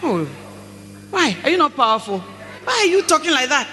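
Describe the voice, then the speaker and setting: Forward, coaxing young woman, acted by a preacher in a sermon, very high and bright, in a reverberant hall with faint hum. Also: big pitch swings, normal speed, full character voice. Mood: pushy. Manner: coaxing, insistent questions.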